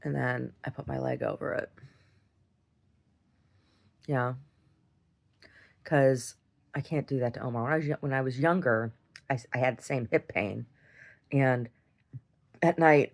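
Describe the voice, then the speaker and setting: A woman's voice: extremely low pitch, fairly even intonation, moderate pace, gravelly, pauses often. A woman telling a long story in a casual video diary, rambling, restarting her sentences and laughing often as she talks. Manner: laughs often while talking. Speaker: video diarist.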